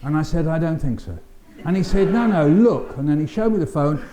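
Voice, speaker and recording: A man's voice: on the high side, quick pace. Older London man telling stories. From England. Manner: animated storyteller, acting out voices and sounds, dry humour. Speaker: keynote speaker. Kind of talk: storytelling keynote speech. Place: conference hall.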